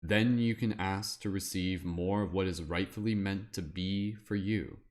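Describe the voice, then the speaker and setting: Deep slow wizard guy reading out a guidebook, solemn and measured, a man putting it on. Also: fairly even intonation. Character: wise male wizard reading aloud.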